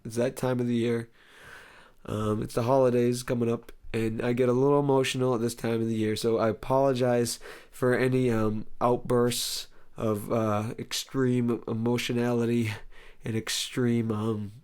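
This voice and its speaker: Hoarse sarcastic man hosting a talk show. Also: mid-range voice, normal speed. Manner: sarcastic, rambling, deadpan jokes with mock outbursts; clears throat often. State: hoarse, lost voice. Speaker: host. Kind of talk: comedic solo talk show monologue.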